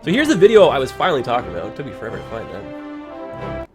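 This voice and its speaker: Guy streaming a game, rambling casual chat, animated pitch, faint music underneath. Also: quick pace. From Ontario, Canada. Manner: rambling, chatty, heavy use of "like". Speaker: livestream host. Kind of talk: casual game livestream commentary.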